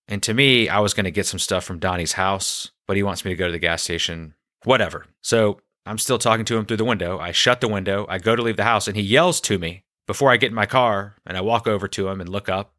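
A man hosting a storytelling podcast, recounting a personal story in a deadpan, conversational way. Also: on the low side, quick pace, no echo, studio quality.

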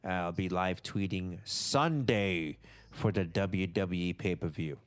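A man's voice: sits low, takes it slowly, background noise. A man co-hosting a podcast, chatting casually and animatedly, swearing and acting out what others might say. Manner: animated, swearing, acts out quotes. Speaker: podcast co-host. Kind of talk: casual wrestling chat.

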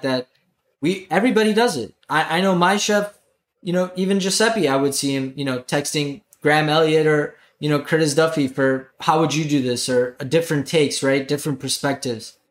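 A laid-back man co-hosts a casual chat with a slightly raised voice. He leans on fillers as he talks, and his voice rings in a roomy, echoey space. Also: fairly high pitch.

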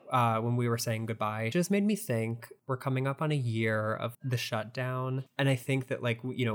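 A man from the United States co-hosting a theatre podcast, chatting in an animated, storytelling way. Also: mid-range voice. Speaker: podcast co-host. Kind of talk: casual chat.

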